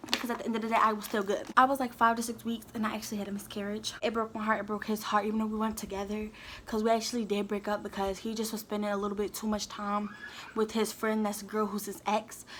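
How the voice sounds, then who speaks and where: A woman's voice: mid-range voice, a bit bright, a little hiss or hum. A young woman telling a candid, heated storytime straight to her viewers. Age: young adult. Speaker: vlogger. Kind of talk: storytime vlog.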